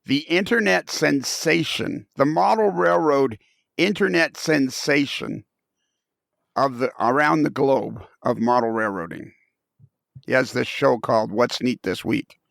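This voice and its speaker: Gravelly rambling podcast host man. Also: medium pitch, a little slow, fairly bright tone, no room sound. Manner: rambling, joking, stumbling restarts. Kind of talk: comedic casual podcast banter.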